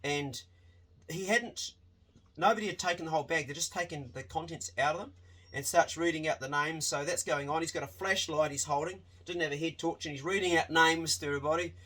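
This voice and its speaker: Bloke telling a crazy travel story, kinda high-pitched, lively and sweary, stops and restarts a lot. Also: male voice, brisk. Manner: animated, swears freely, restarts sentences. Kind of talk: casual spoken storytelling.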